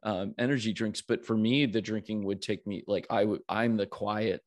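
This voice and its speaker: A man's voice: fairly low pitch, steady tone, normal speed. An American man in his forties hosts a podcast interview over a video call, talking energetically with many restarts and easy laughter. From United States. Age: 40s. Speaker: podcast host. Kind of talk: casual interview chat.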